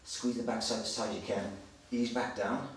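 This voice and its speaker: Slightly breathless fitness coach in echoey hall. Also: male voice, fairly low pitch, fairly even intonation. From Wales. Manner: brisk, direct coaching with frequent "okay?" check-ins. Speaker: personal trainer. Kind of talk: exercise demonstration instruction. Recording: very echoey, distant, noisy room sound.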